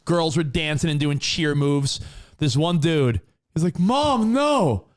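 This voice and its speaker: A man co-hosting a podcast, telling stories in casual, animated banter. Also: a little high, measured pace. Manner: animated storyteller. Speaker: co-host.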